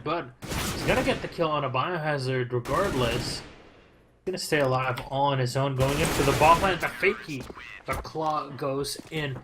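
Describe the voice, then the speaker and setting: Dude casting a game, chill and rambly, lots of likes and ums, faint hiss. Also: male voice, medium pitch, fairly bright tone. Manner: casual and chatty, many fillers, loose play-by-play. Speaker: esports commentator. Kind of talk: live esports commentary.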